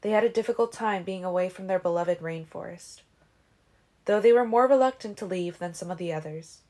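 A woman reading a novel aloud as an audiobook in a steady, even way. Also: lowish voice, fairly quick. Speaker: audiobook reader. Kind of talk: audiobook narration.

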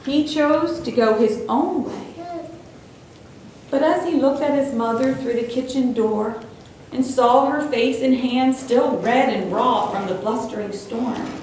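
A woman reading a suspenseful children's story aloud in a church, with expressive storytelling. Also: a little high, unhurried, a little hiss or hum. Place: church sanctuary. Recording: very echoey hall, distant mic.

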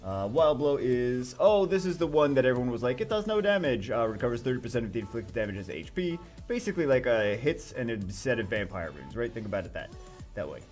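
Casual male gamer commentator, excitable and rambly, faint background music. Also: mid-range voice, fast talker. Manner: rambling, excitable, many restarts and fillers. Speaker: game commentator.

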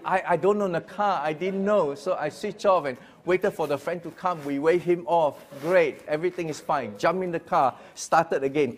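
Man, middle-aged, pastor, testimony storytelling, hushed then loud, repeats words. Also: on the high side, animated, moderate pace, a little hiss or hum. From Singapore. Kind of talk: personal testimony talk.

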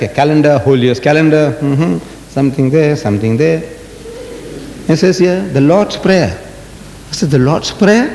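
Older man lecturing in an echoey hall. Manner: animated storytelling with rhetorical questions. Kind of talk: religious lecture to an audience. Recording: echoey hall with faint rumble.

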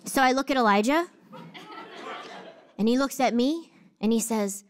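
A woman in her thirties, a pastor, giving a sermon with animated, funny storytelling on a church stage. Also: on the high side, moderate pace, pauses often, a faint crowd, a little hiss or hum. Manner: animated storytelling with comic asides.

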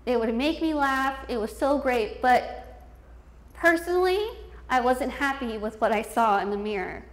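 A woman's voice: high voice, expressive, unhurried. A woman in her twenties telling her life story as a motivational speaker, candid and self-deprecating, laughing often. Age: 20s. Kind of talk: personal storytelling speech. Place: event hall with a youth audience. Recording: echoey room.

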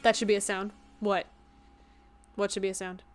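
Her delivery flat and her speed normal, a woman chats loosely with viewers while streaming a game, tired and self-mocking as she rambles. Her voice is mid-range, and faint music plays behind it.

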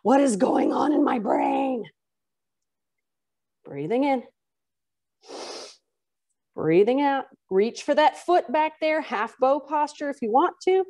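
A woman's voice: sits high, animated, slow, long pauses, darkish tone. A woman teaching a yoga class, giving chatty, encouraging cues between breaths while moving in and out of poses, her voice drifting off-mic at times. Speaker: yoga instructor. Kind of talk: guiding a live yoga class.

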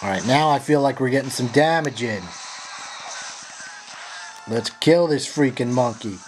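A man giving profane, frustrated live commentary while playing a video game, yelling at his companions and apologizing to viewers. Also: mid-range voice, a little slow, soft background music. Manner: frustrated, swearing, sarcastic. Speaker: gameplay commentator.

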